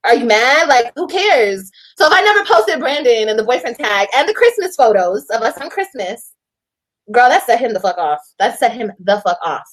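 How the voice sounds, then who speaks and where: Higher-voiced woman ranting on a livestream, lots of swearing, repeats stuff for emphasis. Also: fairly quick, husky. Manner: animated, profane, repeats herself for emphasis. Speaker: livestreamer telling her side of a breakup. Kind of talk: casual livestream storytelling.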